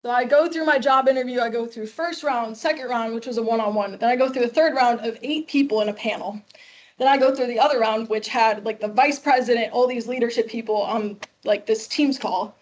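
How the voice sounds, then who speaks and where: A woman in her twenties from Chicago, a guest speaker telling a class her story, lively and acting out the people she quotes. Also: a little high, fairly quick. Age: 20s. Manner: lively, acts out quoted dialogue.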